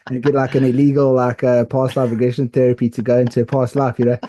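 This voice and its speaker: A man co-hosting a podcast, telling a story in a rambling, animated way with lots of fillers and restarts. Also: medium pitch, brisk, muffled recording, a little hiss or hum. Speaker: podcast co-host. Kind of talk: casual storytelling chat.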